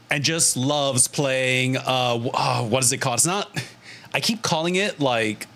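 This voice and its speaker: A young man with a mid-range voice talks straight to his chat from his desk mic. He is animated and jokey, laughing often and tossing in casual swears. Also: medium pitch. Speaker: streamer. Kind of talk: casual livestream chat to viewers.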